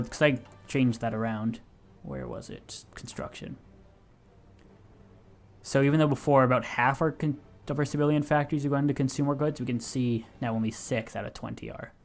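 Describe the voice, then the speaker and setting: A young man casually commentating his strategy game, thinking aloud and explaining as he clicks, often correcting himself. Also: medium pitch. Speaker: gaming video host.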